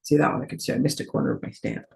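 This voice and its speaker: A woman's voice: rapid-fire, a little mellow. Chatty woman demonstrating card making. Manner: chatty, thinks aloud while working, self-deprecating. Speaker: paper crafting demonstrator. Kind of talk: casual live crafting demo.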